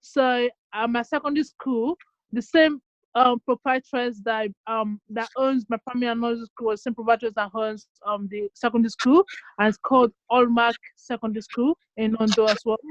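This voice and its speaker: A woman's voice: on the high side, steady tone, normal speed, dry recording. A young Nigerian woman answering interview questions on a video call, hesitant with many ums and restarts. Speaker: guest QA engineer. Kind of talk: casual online interview. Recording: dull dry video call audio.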